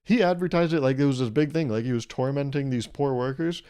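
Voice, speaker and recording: A man's voice: mid-range voice, fast talker, dark tone, clear, resonant tone. A young man hosting his own podcast, rambling through a solo comedic monologue in a sarcastic, mock-serious way and laughing at his own jokes. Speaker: podcast host.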